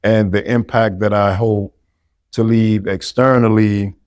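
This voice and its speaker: A man's voice: on the low side, flat delivery, a little slow, darkish tone, no room sound. A middle-aged man, giving earnest, encouraging answers as a podcast guest.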